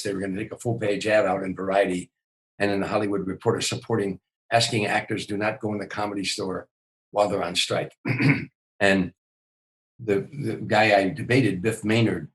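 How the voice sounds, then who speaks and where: Older guy spinning old showbiz stories, lowish voice, gets lively, stumbles into sentences. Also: poor audio. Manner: animated storyteller, repeats words when starting. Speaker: comedian guest. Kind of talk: storytelling in a podcast interview.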